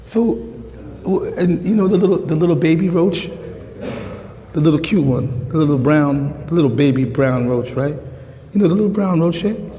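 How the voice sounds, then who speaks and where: An American man giving a lively, slangy sermon in a mosque, jumping from calm talk to shouts. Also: a little high, normal speed, long reverb tail, rough recording. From United States. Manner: animated, slangy street talk, rises to shouts. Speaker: guest preacher. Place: mosque prayer hall.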